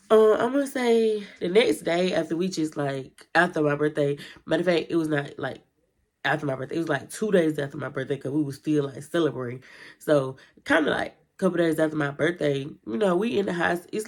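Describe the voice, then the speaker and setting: A young woman, telling a personal story to her viewers in casual vlog style, jumping high when she acts out her own lines. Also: normal speed. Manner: animated retelling, jumps to high pitch when quoting herself. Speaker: storytime vlogger.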